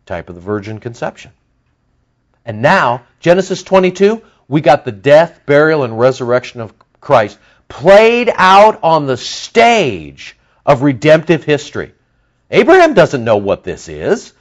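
A man preaching a sermon as pastor, animated, with lively emphasis and asides to his listeners. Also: fairly high pitch, measured pace.

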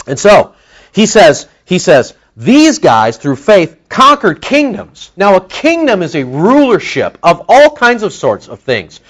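A man's voice: high-pitched, wildly swooping pitch, a little slow. A man preaching a sermon, teaching with rhetorical questions to his congregation.

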